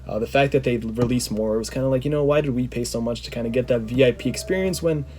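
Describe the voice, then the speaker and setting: Man, slightly hoarse, mellow voice, rapid chatty storytelling, lots of "like". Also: medium pitch, a little hiss or hum. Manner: rambling, many "like" fillers. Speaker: vlogger. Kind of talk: casual storytelling.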